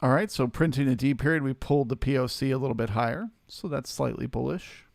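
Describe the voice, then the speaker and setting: A man with a gravelly, fry-tinged voice at a medium pitch talks through a live market stream, calm and explanatory as he takes questions from the chat. The sound is dry and close, with no room around it. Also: fast talker, dry recording. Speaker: trading stream host.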